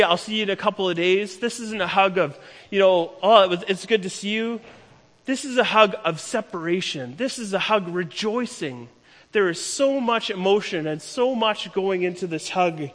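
A man preaching a sermon, retelling a story with emphatic, slowing delivery. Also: sits high, a bit bright. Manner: storytelling, emphatic, slows down for key lines. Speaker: pastor. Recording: long hall reverb.

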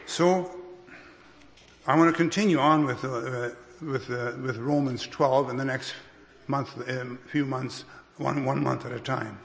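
A man preaching a sermon as a pastor, unhurried, with restarts and careful emphasis. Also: mid-range voice, fairly even intonation, creaky, slight background noise. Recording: long reverb of a hall.

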